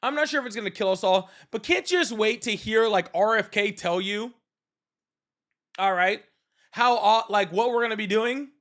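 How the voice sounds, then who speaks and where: High-voiced sarcastic male streamer. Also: moderate pace, fairly bright tone. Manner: sarcastic, mocking, swears freely. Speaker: host of a live call-in debate stream. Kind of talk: casual livestream rant.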